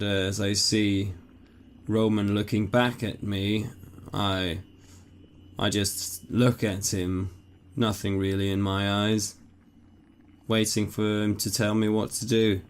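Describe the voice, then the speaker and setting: A man's voice: lowish voice, level tone, takes it slowly, clean tone. A man playing a tabletop game, describing his character's actions hesitantly with many fillers. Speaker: player. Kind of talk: tabletop role-play.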